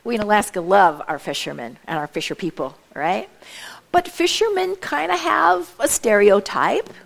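A chatty woman gives a lively talk to a church audience, her voice gravelly with vocal fry. She keeps asking her listeners direct questions and adds quick asides. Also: mid-range voice. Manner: chatty, many asides and laughs. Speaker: speaker at a church event.

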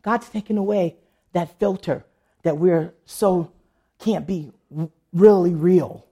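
A woman sharing a humorous personal testimony in church, telling stories in an animated way and laughing often. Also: fairly low pitch, slow pace, breathy edge.

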